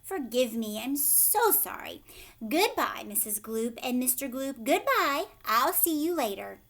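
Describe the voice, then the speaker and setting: A woman reading aloud, voicing an eccentric, giggling male chocolate maker who speaks in a playful, often hushed and breathy way. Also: high-pitched, sing-song, a little slow, full character voice.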